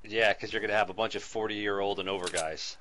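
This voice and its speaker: A man in his forties streaming a game with his son, excitable and laughing, thanking viewers by name. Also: lowish voice, quick pace, slight background noise. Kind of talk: casual game-stream chat.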